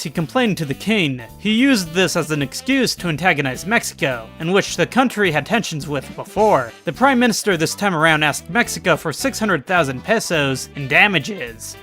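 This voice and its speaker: A man's voice: high-pitched, pushed and bright. A man narrating a scripted history video, dropping wry, sarcastic asides between the facts. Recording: faint music behind.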